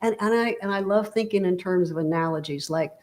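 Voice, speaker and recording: Female interview guest, lowish voice, casual and explanatory, checks in often with the listener. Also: a little fast, a little mellow. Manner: explanatory, full of analogies and "you know". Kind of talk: casual motivational conversation.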